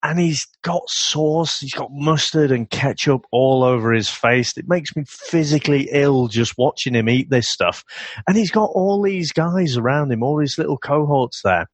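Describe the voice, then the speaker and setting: A man's voice: on the high side, expressive, moderate pace, husky, no room sound. A man co-hosting a podcast, casually reviewing an old film with incredulous laughter and plenty of swearing. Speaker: podcast co-host.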